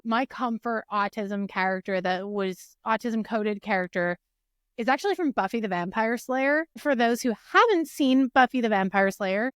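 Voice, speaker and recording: Woman, casual podcast co-host, animated storyteller, middle pitch, dry close sound. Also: no room sound. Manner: animated storyteller, acts out quotes. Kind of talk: casual chat.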